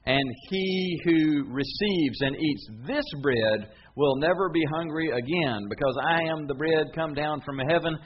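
A man voicing Jesus as a stern teacher with an edge, slightly lower than his usual voice. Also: measured pace, few pauses, highs cut off, slight background noise, natural voice. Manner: stern, firm.

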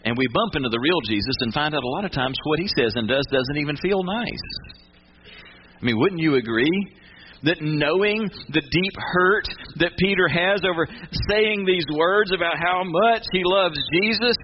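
A male pastor with a higher-pitched voice delivers a relaxed, conversational sermon at a moderate pace, repeatedly asking his listeners questions. The sound comes through a dull, muffled radio broadcast with a constant hiss beneath it.

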